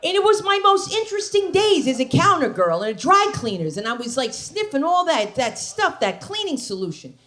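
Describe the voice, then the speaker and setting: A woman doing stand-up on a club stage, swooping all over her range as she tells stories. Her voice sits a little high. She keeps checking in with the crowd and breaks into shrieks at the big moments. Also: normal speed, few pauses. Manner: animated storytelling with shrieks and asides to the crowd. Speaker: stand-up comedian. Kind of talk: stand-up comedy set.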